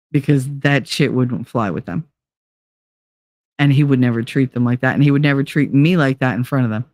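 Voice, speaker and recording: A middle-aged woman hosting a live show, chatting casually in a blunt, profane, animated way. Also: a bass voice, dry recording, studio quality. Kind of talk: casual chat on a live stream.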